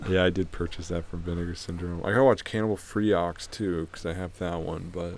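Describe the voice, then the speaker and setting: A man's voice: deep voice, steady tone, a little fast, darkish tone, a little hiss or hum. A young man co-hosting a podcast, telling movie stories in casual chat, swearing and laughing often. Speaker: podcast co-host.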